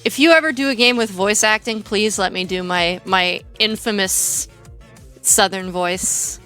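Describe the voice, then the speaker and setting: Young woman streamer chatting away, lots of "like"s and giggles, bright clear tone, quiet music under it. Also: medium pitch, unhurried. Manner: giggly, rambling, full of filler likes. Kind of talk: casual chat while gaming.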